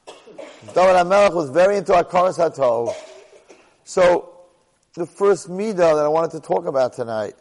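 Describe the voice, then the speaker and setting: A man's voice: fairly high pitch, animated, moderate pace, pauses often, darkish tone, long reverb tail, rough recording. Emphatic middle-aged man giving a Torah class. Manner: emphatic, rhetorical questions, frequent restarts. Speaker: Torah lecturer.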